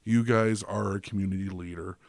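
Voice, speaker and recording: Guy on a podcast, kinda low voice, rambly and chatty, super dry mic. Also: steady tone, fairly quick, dry recording. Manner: chatty storyteller, many fillers and restarts. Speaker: guest, drag performer. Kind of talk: casual podcast chat.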